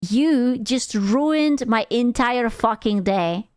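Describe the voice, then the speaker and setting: A young woman with a high, smooth voice talks to her stream in an unhurried, rambling way. She swears freely and sounds exasperated as she reacts. Her close mic gives a dry sound with no room echo. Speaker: VTuber streamer. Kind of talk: casual reaction commentary.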